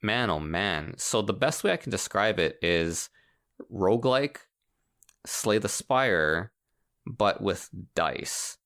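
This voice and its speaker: A man co-hosting a casual podcast, explaining a game in an animated way and laughing often. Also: fairly low pitch, slow pace. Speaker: podcast co-host. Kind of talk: casual chat about video games.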